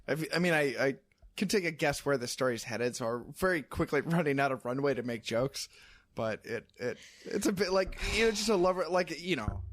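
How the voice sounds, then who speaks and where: A man's voice: on the high side, lively intonation, a little fast, dry recording. A man co-hosting a podcast, chatting casually and hesitantly with stammering restarts. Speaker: podcast co-host. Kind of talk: casual chat.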